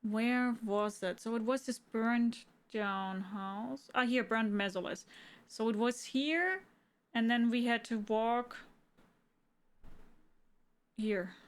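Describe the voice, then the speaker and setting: In a fairly high voice, slow and often pausing, a woman with a German accent thinks out loud and answers her chat while casually streaming a game.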